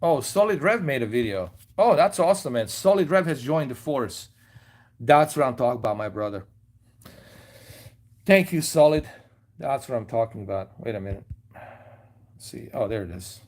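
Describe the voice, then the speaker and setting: A man's voice: mid-range voice, animated, normal speed, long pauses, a little mellow. A man hosting a casual livestream from his lounge at home, rambling loosely with lots of fillers and trailing asides. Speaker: livestream host.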